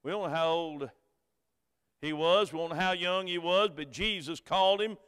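A middle-aged man with a Southern American accent, a pastor preaching a sermon in folksy, storytelling talk that swings between quiet asides and loud, emphatic preaching. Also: fairly high pitch, normal speed, smooth. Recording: hall reverb.

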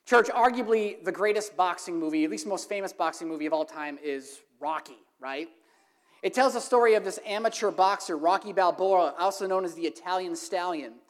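A woman preaching a sermon to her congregation, emphatic and building to impassioned, repeated questions. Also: on the low side. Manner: emphatic, rising to impassioned repetition.

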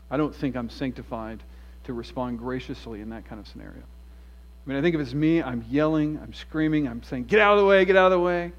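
An earnest male pastor delivers an expository sermon in a church. He tells the story with feeling and drops to a hush for quieter points. His voice sits at a medium pitch, and the recording is a little dull and low-fi. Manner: earnest, storytelling, shifts between emphatic and hushed. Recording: dull lo-fi sound.

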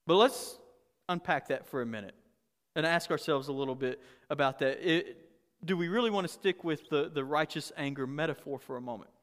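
A pastor preaching a candid, conversational sermon with humor and frequent restarts. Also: male voice, on the high side, a little fast, fairly bright tone, big-room sound.

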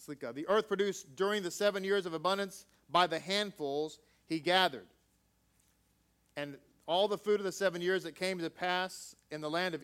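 A man's voice: high voice, a bit bright, clear, resonant tone. A man reading scripture aloud and then preaching in a conversational way, joking with the congregation. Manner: conversational, jokey asides with audience.

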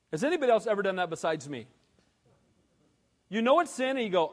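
A high-voiced male pastor preaching with big swings from loud to hushed. His voice rings out with a long reverb, as in a church sanctuary. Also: big pitch swings, fast. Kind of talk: sermon.

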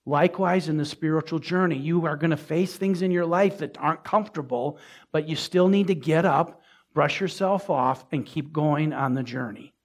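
A man's voice: on the high side, moderate pace. A man preaching a sermon as pastor, speaking conversationally with asides to the congregation and rising emphasis. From Minnesota.

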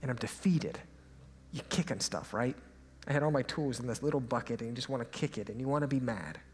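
A young man preaching a sermon as a pastor, telling a personal story in a lively, animated way and sometimes dropping to a hushed aside. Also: mid-range voice, brisk, a little hiss or hum. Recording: hall reverb, faint ambience.

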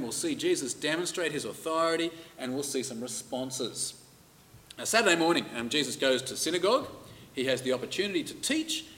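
A man's voice: mid-range voice, a bit bright, slight background noise. A middle-aged man preaching a conversational sermon and reading scripture aloud with emphasis. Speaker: pastor.

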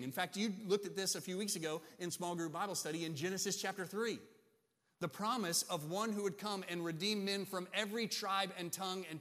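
A man preaches a sermon with an emphatic delivery and keeps asking his listeners "right?". His voice sits fairly high. The sound carries a long reverb, as in a church sanctuary. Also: fairly bright tone. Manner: emphatic, asks the congregation "right?". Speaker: pastor.

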